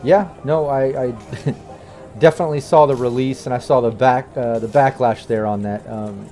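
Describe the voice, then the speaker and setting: A man's voice: fairly even intonation, normal speed, warm tone, lightly acted. Guy doing a scheming mob brother on the phone, swears a lot, mid voice. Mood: stern. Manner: profane, urging and low-key. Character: male crime-family brother, scheming and vengeful. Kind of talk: in-character phone call in a tabletop game.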